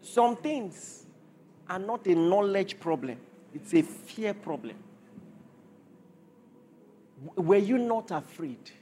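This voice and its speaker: A man's voice: sits high, lively intonation, slow, long pauses, dark tone, slight background noise. A man preaching a sermon to a congregation, driving points home with repeated rhetorical questions.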